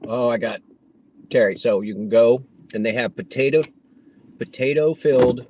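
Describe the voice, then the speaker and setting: A man streams himself on a delivery run, chatting away and cracking jokes with passersby. His voice has an ordinary middle pitch. Street and vehicle noise comes through clearly behind him. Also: moderate pace. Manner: chatty, jokey asides, talks to passersby. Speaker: delivery rider vlogger. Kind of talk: casual live-stream commentary. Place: outdoors on city streets, riding a cargo bike. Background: traffic and street noise.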